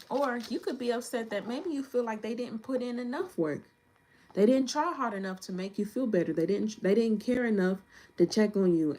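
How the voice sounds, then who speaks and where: A woman in the middle of a casual tarot reading, chatty and slangy, thinking aloud as she turns the cards. Her voice sits at an ordinary middle pitch. Clicks and the shuffle of cards come through clearly under her talk. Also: noisy background. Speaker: tarot reader. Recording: clicks and card shuffling behind.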